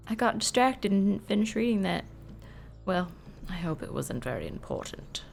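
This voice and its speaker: A woman's voice: mid-range voice, very animated, normal speed, creaky, faint music behind. A woman giving chatty let's-play commentary, reading on-screen text aloud and reacting with surprise. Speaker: gameplay video host.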